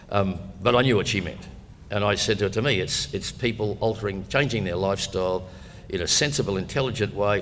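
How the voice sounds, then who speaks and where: A man's voice: sits low, fairly bright tone, a little hiss or hum. An older Australian man giving a humorous public talk, chatty and wry, with storytelling asides. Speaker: guest speaker. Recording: long hall reverb, faint room ambience.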